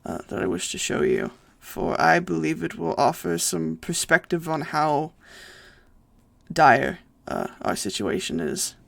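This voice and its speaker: A game master voicing a towering lich-like saint who guides the souls of the dead, speaking slowly and solemnly in a hushed voice. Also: medium pitch, lively intonation, gravelly, no echo, heavily acted.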